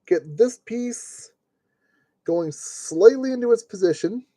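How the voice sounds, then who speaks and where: A man with a mellow, darker tone keeps up a running commentary while he streams a model kit build. He grumbles at fiddly parts and jokes to himself as he works, in the loose way of a live stream. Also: sits high, lively intonation, slow, dry recording. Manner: grumbling, joking self-talk while working.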